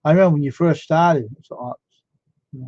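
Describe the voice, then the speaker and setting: At a measured pace, a man whose voice sits on the high side chats casually on a live stream, rambling in amazement and firing off a string of questions. The recording is dry, dull and lo-fi, without any room sound.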